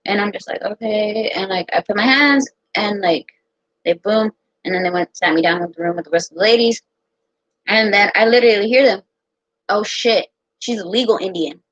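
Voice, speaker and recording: A young American woman telling a personal story in a casual, profane, animated way. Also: medium pitch, moderate pace, dry recording. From United States. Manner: profane, animated, quotes others in her own voice. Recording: dull lo-fi sound.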